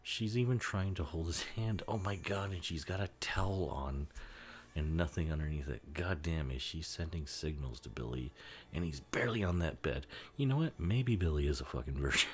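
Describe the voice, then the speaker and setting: A man's voice: a bass voice, lively intonation, moderate pace. A man giving a casual, rambling commentary over a film, laughing often and swearing freely. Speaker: movie commentary host.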